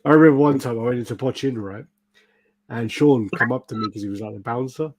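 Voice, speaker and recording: A man's voice: medium pitch, fast talker, a little mellow, a little hiss or hum. A British man hosting a podcast, telling stories in casual chat, swearing and acting out quotes. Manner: swearing storyteller, acts out quotes. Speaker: podcast host.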